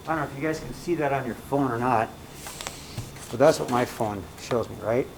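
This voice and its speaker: A man's voice: mid-range voice, brisk, poor audio. Casual male math teacher, faint hiss. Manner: casual, checks in often with "right?" and "okay?". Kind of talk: recorded math lesson.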